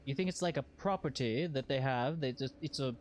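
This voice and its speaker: A man's voice: mid-range voice, brisk, slight background noise. A man streaming a video game, joking with chat and repeating phrases in mock panic. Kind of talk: casual gameplay commentary.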